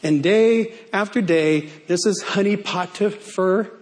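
A man's voice: sits high, slow pace, a little hiss or hum. A male pastor preaching a sermon in a playful way, stretching key words out for emphasis.

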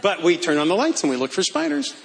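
High-voiced, animated male preacher. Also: quick pace, vocal fry, background noise. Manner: animated, humorous storytelling. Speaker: pastor. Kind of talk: sermon.

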